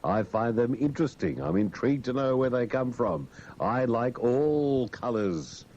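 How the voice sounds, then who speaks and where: A man's voice: mid-range voice, a little mellow. A man hosting talk radio, mocking and sardonic as he banters and rants. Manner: sardonic, mocking, with put-on silly voices. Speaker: radio host. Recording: dull lo-fi radio broadcast with faint hiss.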